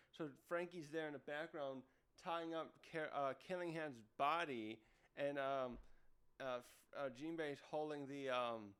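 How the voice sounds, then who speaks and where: Casual and rambling, a man reviews a manga chapter by thinking aloud and repeatedly revising what he says mid-sentence. He has a high, clean-toned voice.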